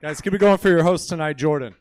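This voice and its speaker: A man's voice: on the high side, quick pace, slight background noise. A man in his late thirties from Indiana telling a rambling, self-deprecating stand-up story on a comedy club stage. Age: 30s.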